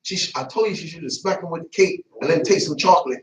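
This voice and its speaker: High-voiced preacher in an echoey church. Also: male voice, quick pace, slight background noise. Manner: lively, colloquial preaching with frequent laughs and asides. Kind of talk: sermon. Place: church sanctuary. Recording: echoey church, mic at a distance.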